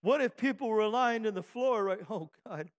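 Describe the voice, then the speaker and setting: A pastor preaching a fervent sermon, firing off repeated rhetorical questions and calling for amens from the congregation. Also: male voice, sits high, normal speed. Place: church sanctuary. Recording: long hall reverb from a church.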